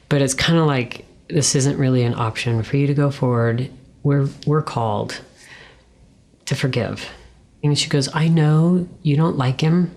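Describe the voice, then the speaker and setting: A woman's voice: rumbling low, a little mellow. A middle-aged woman telling an earnest, emotional personal testimony, acting out remembered words and sometimes dropping to a whisper. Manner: earnest, emotional, acts out her own and others' words with whispers and pauses. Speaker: guest sharing her testimony. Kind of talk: personal testimony, conversational storytelling.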